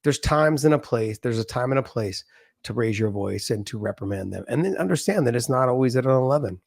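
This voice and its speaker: A man's voice: medium pitch, expressive, fairly quick, gravelly, a little mellow, dry recording, studio quality. A middle-aged man in a casual interview, explaining his views earnestly and with everyday examples. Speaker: podcast guest, former fighter. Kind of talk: casual conversation.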